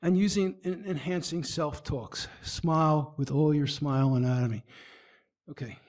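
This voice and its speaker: A man with a fairly high voice presents to a small business audience at a marketing meetup, speaking at a normal speed. He's animated, acting out the expressions he describes, and often stumbles and backs up to restart. The whole talk feels loose and unscripted.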